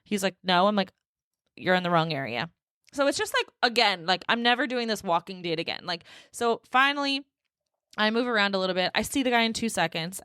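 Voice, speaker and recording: A woman's voice: fairly high pitch, pushed and bright, clean tone, no room sound, studio quality. A young woman hosting a solo podcast, telling a dating story in a sassy, exasperated way and laughing often. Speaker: podcast host.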